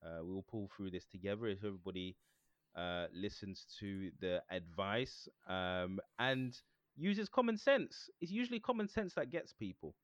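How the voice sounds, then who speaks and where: Lively joking man on a podcast. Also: low voice, moderate pace, dry recording, lo-fi sound. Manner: jokey, mimics people in silly voices, laughs often. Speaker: podcast co-host. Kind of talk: casual chat.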